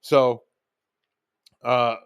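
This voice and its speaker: A man's voice: medium pitch, level tone, drawn-out words, clean tone, no room sound. Rambling storyteller man, dry close sound. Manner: rambling, filler-heavy, reenacts his own lines. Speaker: podcast host telling stories. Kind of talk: casual storytelling monologue.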